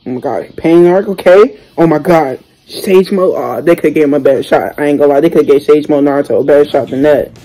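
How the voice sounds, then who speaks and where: A young man hosting a reaction video, talking casually and excitedly in slang, exclaiming and chatting as he watches. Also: on the high side, a little fast, few pauses, poor audio. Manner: exclamatory, slangy, keeps saying "bro".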